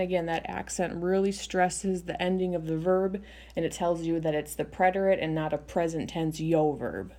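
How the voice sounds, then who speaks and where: A woman's voice: low voice, normal speed, mellow. A young adult woman teaching Spanish in a recorded video lesson, explaining step by step in a patient way with frequent ums.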